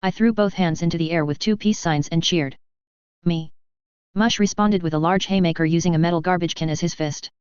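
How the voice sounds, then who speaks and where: A woman reading a first-person fan fiction story aloud in a steady narrating voice. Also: lowish voice, quick pace, few pauses, clear, resonant tone, dry recording. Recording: dull lo-fi dry recording.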